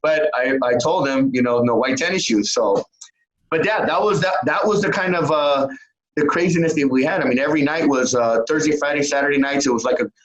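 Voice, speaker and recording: A middle-aged man from California tells a story in a loose, chatty way. His voice sits a little high, and he acts out each side of the conversation himself. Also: a little fast, lo-fi sound. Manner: animated storyteller, acts out both sides of exchanges. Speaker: guest, entrepreneur. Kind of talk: casual storytelling.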